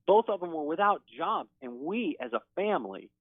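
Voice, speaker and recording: A man speaking as a guest on a call-in show, talking in an excited, emphatic way. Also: fairly high pitch, moderate pace, no echo. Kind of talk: call-in interview. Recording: tinny phone line.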